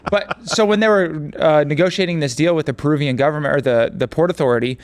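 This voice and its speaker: A man's voice: fairly high pitch, fast. A man co-hosting a casual political commentary show, explaining points at length in a conversational way. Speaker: co-host.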